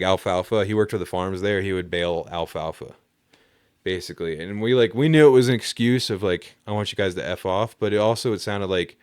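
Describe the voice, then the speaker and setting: A man's voice: lowish voice, clear, resonant tone, dry recording, studio quality. A young man telling a story in a laid-back, rambling way, with lots of fillers and casual swearing. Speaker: podcast storyteller.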